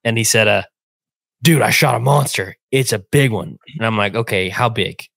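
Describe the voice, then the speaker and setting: A young man casually retelling a hunting trip, animated and acting out the voices in a phone call. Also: fairly low pitch, normal speed, vocal fry, dry recording. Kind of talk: casual storytelling.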